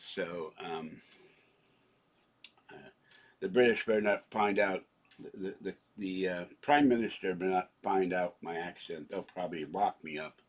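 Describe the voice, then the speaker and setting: A man's voice: fairly low pitch, animated, moderate pace, long pauses, slight background noise. A man in his seventies rambling through a home vlog, joking and interrupting himself as he goes. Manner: rambling, jokey, self-interrupting. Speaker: channel owner.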